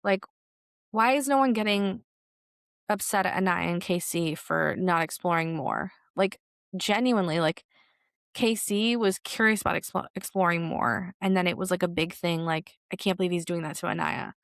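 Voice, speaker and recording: Chatty young woman with a creaky voice. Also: fairly low pitch, normal speed, no room sound, studio quality. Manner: chatty, animated, full of "like" fillers. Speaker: podcast host. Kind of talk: solo pop culture commentary.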